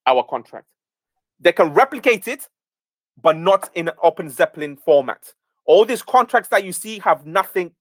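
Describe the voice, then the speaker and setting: A man's voice: a little high, fairly bright tone, no echo. A man leading a community Q&A who talks emphatically and often checks in with "okay?". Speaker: project lead hosting a community Q&A. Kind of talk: casual live-stream talk.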